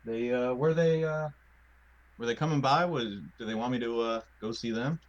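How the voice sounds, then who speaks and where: A man voicing a wary young village man who speaks with a Southern US twang in a halting, folksy way. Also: mid-range voice, highs cut off, close to an everyday voice. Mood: guarded.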